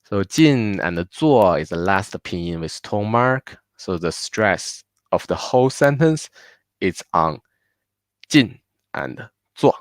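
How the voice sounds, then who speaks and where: A man leads a live online language lesson at an unhurried pace. His voice is smooth and a little low, and he patiently repeats each word for his learners. The sound is dry and close to the mic. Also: expressive, no room sound. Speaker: language teacher.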